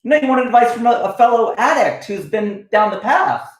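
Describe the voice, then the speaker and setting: A comedian hosting his weekly livestream, riffing casually and reading out viewer comments in a lively, animated way. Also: very high-pitched, moderate pace, roomy sound, rough recording.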